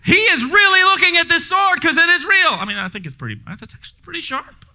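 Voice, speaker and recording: A male pastor preaching a sermon to his congregation in a church, energetic and joking, speaking directly to the people in the room. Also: very high voice, quick pace. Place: church sanctuary before a congregation.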